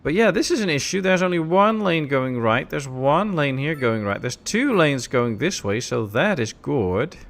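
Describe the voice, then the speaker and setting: A man casually commenting while he plays a city-building game on a live stream, relaxed and chatty, answering chat as he goes. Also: fairly high pitch, normal speed, gravelly, few pauses.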